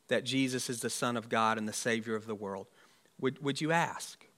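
A man's voice: mid-range voice, sharp tone. A man, a pastor, preaching an Easter sermon in a conversational, musing way with rhetorical asides.

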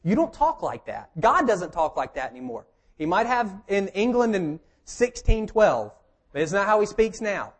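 A man's voice: sits high, sing-song, moderate pace. A man preaching a conversational sermon, joking and emphatic as he teaches. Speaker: pastor.

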